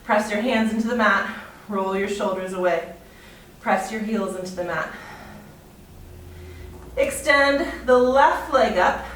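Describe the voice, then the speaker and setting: A woman's voice: medium pitch, measured pace, long pauses, a bit bright, slight background noise. Female fitness instructor, winded, counts reps and calls cues, distant mic in a very echoey room. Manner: counts reps aloud, cueing moves while exercising. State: out of breath. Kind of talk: guided workout instruction.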